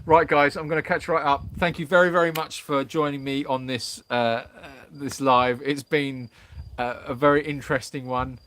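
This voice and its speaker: A man's voice: mid-range voice, steady tone, normal speed, fairly bright tone. A man hosting a live Q&A stream, worn out, reading viewers' comments aloud and bantering playfully with them in casual chat.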